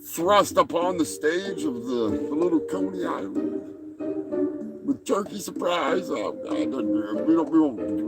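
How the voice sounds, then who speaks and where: A man's voice: a little high, animated, a little slow, over loud music. A man hosting a comedy livestream, talking in a rambling, crude and profane way. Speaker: show host. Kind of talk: casual comedic livestream talk.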